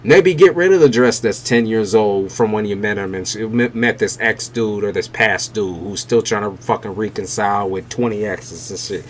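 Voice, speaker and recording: A man's voice: lowish voice, normal speed, hardly any pauses, slight background noise. A man giving a live-stream tarot reading, blunt and emphatic, with heavy swearing. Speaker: tarot reader.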